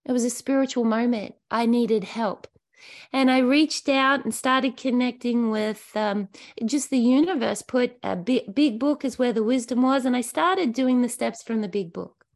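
A woman speaks earnestly in a recovery share, her voice pitched high with a noticeable gravelly fry. She talks in a heartfelt, searching way, stopping and restarting her phrases as she works through her thoughts for an online group. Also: normal speed.

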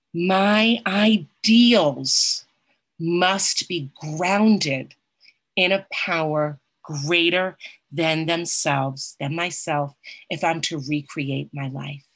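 Middle-aged woman, low voice, earnest personal recovery talk, tag questions. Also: fairly bright tone. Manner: earnest, often adds "right?". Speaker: recovery group speaker.

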